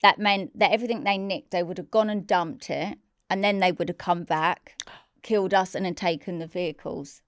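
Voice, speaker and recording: A woman tells her story bluntly and candidly, with plenty of swearing. Her voice is smooth and clear, and she is recorded close with a dry sound and almost no room echo. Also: lowish voice, moderate pace. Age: 40s. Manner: candid and blunt, swears freely, acts out quoted shouts. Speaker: interview guest. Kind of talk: emotional personal storytelling.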